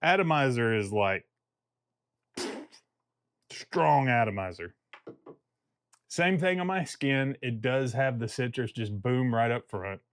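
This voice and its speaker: A man's voice: medium pitch, expressive, takes it slowly, pauses often, no room sound. A man in the middle of his vocal range talks through a fragrance review in a loose, easygoing way. He wanders off on tangents and pokes fun at himself. The sound is close and dry, with almost no room around him. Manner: chatty and rambling, jokes at his own expense. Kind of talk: casual review vlog.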